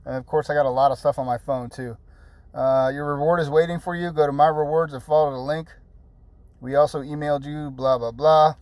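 A man's voice: on the high side, flat delivery, a little fast, a little mellow, no echo. A man in his thirties hosting a casual app tutorial, rambling and chatty with fillers and repeated words, blunt and jokey with mild swearing. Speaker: channel host.

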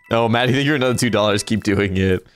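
A man livestreaming a video game, chatting casually and reacting out loud as he plays. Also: on the low side, a little fast, no echo, soft background music. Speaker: gaming streamer. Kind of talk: casual live gameplay commentary.

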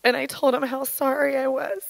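A woman in her thirties giving an earnest, halting personal testimony at church, her voice shaken with emotion. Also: high-pitched, flat delivery, vocal fry, no echo, low-quality recording. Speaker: church speaker sharing testimony.

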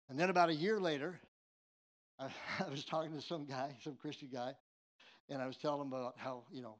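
High-voiced man preaching with humor. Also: fairly quick. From San Jose, California, US. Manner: humorous, tongue-in-cheek storytelling; conversational, with frequent restarts. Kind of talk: sermon with personal storytelling.

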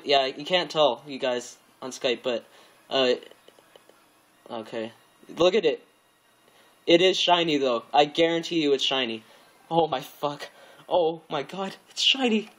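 Young male streamer, fairly high voice, overexcited, gasps and swears, rambles at his viewers. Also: a bit bright. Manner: overexcited, gasping, swearing, repeating himself; rambling, talks to viewers and friends on a call. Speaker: game streamer. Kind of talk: live gameplay commentary.

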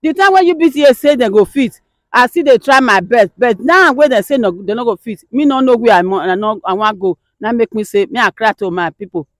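A woman's voice: a little high, expressive, a little fast, no echo. A woman with a Nigerian accent, a mother wearily recounting her struggle and pleading for help. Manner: weary, pleading, recounting at length. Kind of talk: personal appeal.

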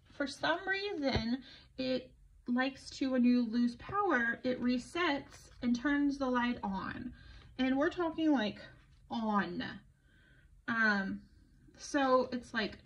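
A middle-aged woman talks her way through a planning session, tired and rambling, joking at her own expense. Her voice sits a little high with a gravelly fry. The audio is slightly dull and lo-fi. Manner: rambling, self-deprecating storyteller. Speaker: planner vlogger. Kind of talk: casual chat while planning.

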